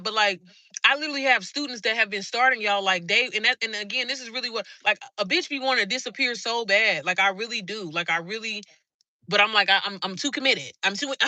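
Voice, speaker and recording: A woman's voice: fairly high pitch, bright, forceful tone, dry recording. A woman coach talking to viewers on a live stream, fired up, blunt and full of swearing. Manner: fired-up, blunt and heavily profane. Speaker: online business coach.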